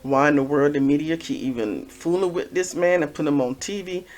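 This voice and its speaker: A man talking casually to camera, giving repetitive, gently preachy life advice as a vlogger. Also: fairly high pitch, fairly quick.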